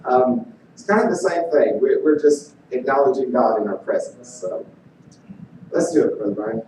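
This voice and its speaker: A man in his thirties, a visiting evangelist, who speaks to a church congregation and then sings in worship, getting loud and animated when excited. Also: mid-range voice, normal speed. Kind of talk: church sermon and worship singing. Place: large church sanctuary. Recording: echoey hall picked up from far off.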